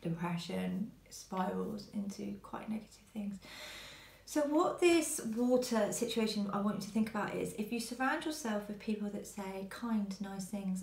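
A woman speaks earnestly to camera in a personal talk, halting with many pauses. Her voice sits at an ordinary middle pitch. The room around her is roomy and echoey. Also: animated, vocal fry. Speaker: vlogger. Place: quiet home.

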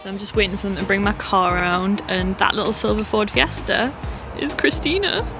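Young woman, vlogger, casual chat, rambling, slightly hoarse, mid pitch. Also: level tone, fairly quick, music in the background. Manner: chatty, rambling, many fillers and restarts. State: slightly losing her voice.

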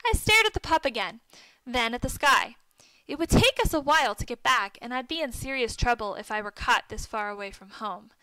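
A woman reading a children's story aloud and giving the characters' lines lively lifts. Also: on the high side, brisk, smooth, no echo, poor audio. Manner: reads dialogue with lively lifts for the boys' shouts. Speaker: narrator.

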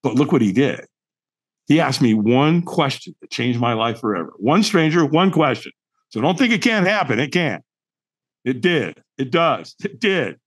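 A man's voice: medium pitch, big pitch swings, moderate pace, breathy edge. A middle-aged man, a podcast guest, telling a personal story in an emphatic, dramatic way, full of rhetorical questions. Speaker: podcast guest, firewalk instructor.

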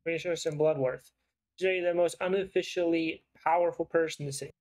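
Brief: man voicing a smooth, persuasive investigative writer; slightly high, coaxing. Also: fairly even intonation, brisk, darkish tone, close to an everyday voice, rough recording. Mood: probing. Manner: smooth-talking and probing.

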